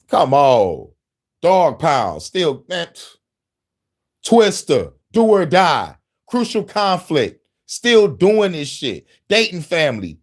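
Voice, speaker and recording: A man hosting casual podcast talk, boastful and profane, breaking into laughter often. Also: high-pitched. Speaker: host.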